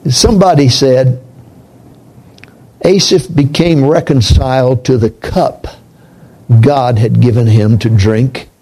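Male preacher, gravelly and unhurried, reflective sermon delivery that sinks to a near-hush. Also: medium pitch, low-quality recording. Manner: slow, reflective, drops to a hush on key points.

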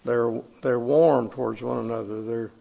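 Gravelly-voiced man preaching a sermon. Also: mid-range voice, steady tone, warm tone. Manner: conversational, halting with fillers and restarts. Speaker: pastor. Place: church sanctuary.

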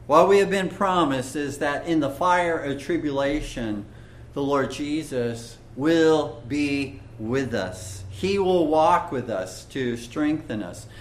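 Slow, earnest male preacher. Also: fairly high pitch, echoey room. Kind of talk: sermon.

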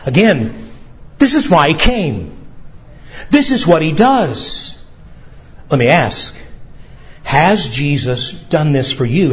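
A man preaching a sermon as pastor, earnest and emphatic, slowing for weight and pressing questions on his listeners. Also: on the high side, lo-fi sound.

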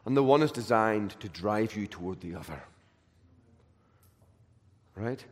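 A man preaching a sermon with emphatic, repeated phrases, swinging between loud declarations and hushed, gentle lines. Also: lowish voice, lively intonation, unhurried. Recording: long hall reverb.

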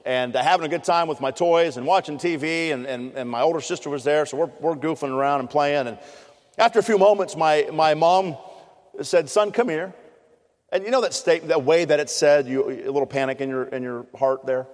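A man's voice: on the high side, fairly quick, darkish tone. A middle-aged man preaching a sermon, telling stories in an earnest, conversational way with frequent restarts. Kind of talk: sermon with personal storytelling. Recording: long hall reverb.

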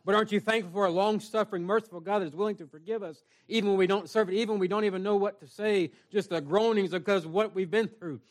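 Earnest high-voiced man preaching. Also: fairly even intonation, fast, hardly any pauses. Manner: earnest, plain-spoken, repeats phrases, reads scripture aloud. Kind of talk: sermon.

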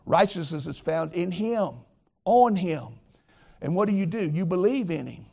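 A man's voice: high-pitched, animated, unhurried, gravelly, a little mellow. A man preaching a sermon as pastor, earnest and emphatic, talking straight to his listeners.

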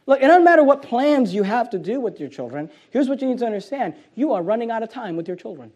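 A man with a notably high voice preaches a sermon with fire, shouting out key phrases and then dropping low and quiet. He hammers home his points by saying them again and again, and he stretches out the words he wants to stress. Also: big pitch swings, fast talker, few pauses, lo-fi sound. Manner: fiery preaching, swinging between loud emphasis and quiet, and repeating key phrases. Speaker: pastor.

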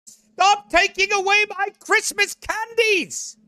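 A man putting on a whiny, crying man-child who throws a shrill, sobbing tantrum over Christmas candy. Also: fairly even intonation, slow pace, pushed and bright, dry recording, clean studio sound, exaggerated voice. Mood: whining tantrum.

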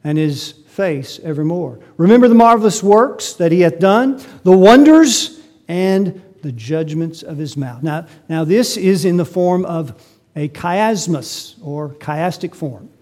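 Male pastor mid-sermon, high-pitched voice; animated delivery with big loud peaks and hushed asides. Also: measured pace. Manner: animated preaching, swinging from loud emphasis to quiet asides.

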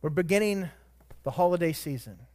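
A man with a high, light voice preaching a sermon. He moves from soft, measured reflection to sudden loud, ringing emphasis on key words. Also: animated. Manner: dynamic preaching, swelling to loud emphatic peaks. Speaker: pastor.

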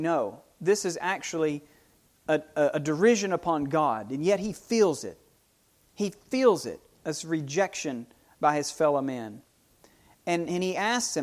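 A man preaching a sermon, unhurried, often repeating and restarting his phrases as he explains a psalm. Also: on the high side.

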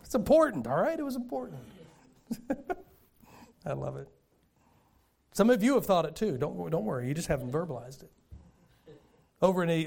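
High-voiced older preacher, folksy and loud. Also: male voice, creaky. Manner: folksy storytelling preaching with sudden loud bursts. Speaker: pastor. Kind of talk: sermon.

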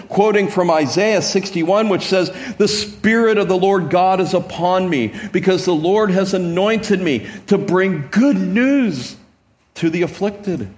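A pastor preaching a sermon in a slightly higher-pitched male voice. He retells the scene with energy, often restarting words, then dropping low and rising again to exclaim. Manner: animated preaching with many stammered restarts; acts out Gospel scenes, swinging from hushed to exclaiming.

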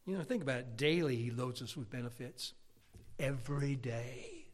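A middle-aged pastor preaching a sermon, folksy and conversational, swelling into emphatic outbursts. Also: male voice, medium pitch, big pitch swings, normal speed, in a large hall.

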